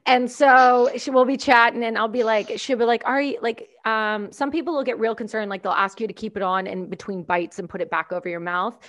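Animated, laughing woman from Canada. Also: fairly high pitch, fairly quick, hardly any pauses, lo-fi sound. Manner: animated storyteller, swears, laughs a lot. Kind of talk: casual chat.

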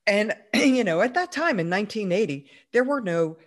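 A woman's voice: medium pitch, lively intonation, moderate pace. A woman as an interview guest, chatting through a personal story with plenty of fillers and easy laughs. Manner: chatty, many fillers, laughs while telling.

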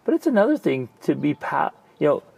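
A middle-aged man, co-host of a parenting talk show, telling a personal story in a casual, animated way, acting out his own past thoughts. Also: a little high, fairly quick, gravelly, husky. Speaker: podcast co-host.

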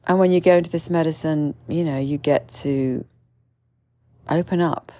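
A woman's voice: steady tone, moderate pace, mellow, no echo. A woman telling a personal story in a candid, meandering way, full of fillers and restarts. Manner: mimics others with sudden shrill outbursts. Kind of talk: casual storytelling monologue.

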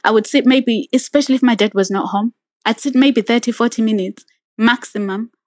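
A woman's voice: on the high side, a little fast, darkish tone, dry recording. A woman on a podcast telling a personal story in casual conversation, earnest and reflective, acting out what others said. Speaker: podcast co-host sharing her story.

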